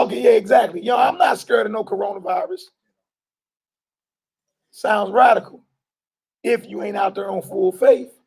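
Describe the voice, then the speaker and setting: A man preaching an informal sermon to a live group, talking colloquially and loudly stressing his points. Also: high voice, gravelly, husky. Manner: loud emphatic bursts, colloquial, laughs often.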